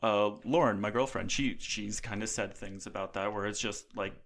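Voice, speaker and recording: A man's voice: on the low side, steady tone, moderate pace, a bit bright, slight background noise. A man hosting a casual podcast chat, rambling with many restarts and fillers. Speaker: podcast host.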